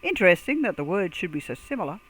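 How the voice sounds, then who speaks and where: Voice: medium pitch, very animated, fast, fairly bright tone, breathy edge, rough recording. A narrator voicing a curious young man in a strange land, musing to himself in a fantasy audiobook reading. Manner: musing, thinking aloud. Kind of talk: audiobook character voice.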